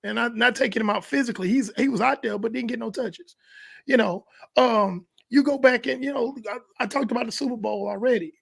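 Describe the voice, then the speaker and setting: A high-pitched man, chatting loosely about football on a podcast. He talks in an animated way and slips into little voices as he quotes imagined players and coaches. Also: a little fast, gravelly, breathy edge. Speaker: podcast co-host. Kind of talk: casual sports talk.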